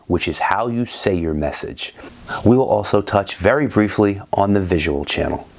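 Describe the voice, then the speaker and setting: A man hosting a scripted presentation, with a measured, formal delivery. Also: fairly low pitch, lively intonation, creaky, a little hiss or hum. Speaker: host.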